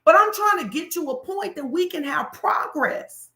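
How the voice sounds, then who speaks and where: A woman's voice: very high-pitched, lively intonation, normal speed, sharp tone, echoey room, voice pushed up, full character voice. A woman quoting a blunt male fitness coach. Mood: probing. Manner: pointed, challenging questions.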